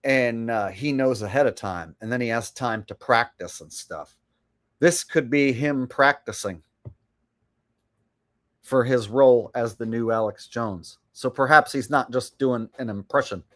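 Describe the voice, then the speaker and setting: A man with a medium-pitched voice speaks a little slowly. As a livestream host, he gives casual, boastful, rambling commentary on clips.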